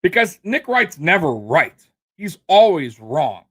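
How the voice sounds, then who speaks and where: A man's voice: fairly high pitch, big pitch swings, slow, fairly bright tone, slightly rough. A man hosting a fan sports show, ranting heatedly and with profanity, full of fillers and restarts.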